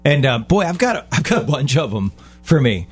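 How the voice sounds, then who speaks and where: A man co-hosting a radio talk show in casual chat, easygoing and quick to chuckle. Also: mid-range voice, very animated, husky, faint music behind. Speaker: co-host.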